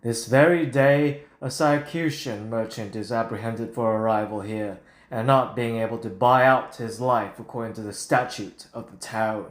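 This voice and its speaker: A man voicing Shakespearean characters in a put-on British accent, reciting lines theatrically and deliberately. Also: medium pitch, steady tone, natural voice. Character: stagey Shakespearean speaker, adult man. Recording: roomy echo.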